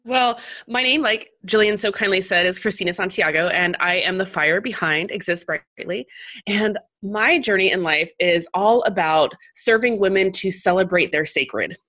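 A woman talks as a podcast guest, warm, effusive and spiritual in tone. Her voice is bright and of middling pitch. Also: normal speed. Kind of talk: casual interview chat.

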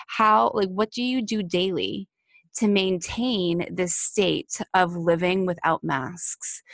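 A woman's voice: fairly low pitch, no echo, clean studio sound. A woman hosting a heartfelt solo podcast, talking earnestly and repeating phrases for emphasis. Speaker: podcast host.

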